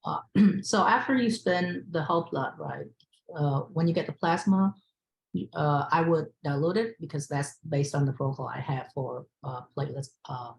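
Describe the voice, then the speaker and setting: An audience member asks a long question at a research talk. The speech is hesitant, full of fillers and repeated words, with a middle pitch. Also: moderate pace, gravelly, rough recording. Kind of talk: asking a question.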